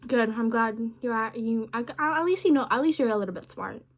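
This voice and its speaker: A woman's voice: fairly high pitch, lively intonation, brisk. A young woman chatting casually with a chatbot. She rambles playfully and mutters asides under her breath.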